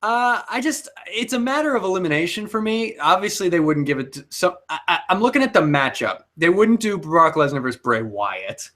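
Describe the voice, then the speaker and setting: A man's voice: high voice, big pitch swings, fairly quick, hardly any pauses, sharp tone. A young man co-hosting a casual chat, rambling and hesitant, often restarting his sentences. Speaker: co-host.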